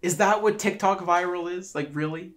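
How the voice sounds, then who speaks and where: A man's voice: high-pitched, moderate pace, fairly bright tone. A man in casual podcast chat, rambling through stories with frequent restarts. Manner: rambling, laughing storyteller. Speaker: podcast co-host.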